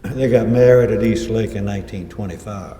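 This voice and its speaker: A man's voice: on the low side, fairly quick, warm tone. Man lecturing in an echoey hall. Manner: anecdotal, quotes people in his own voice. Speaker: author giving a talk. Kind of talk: lecture with slides. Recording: echoey hall, mic far off.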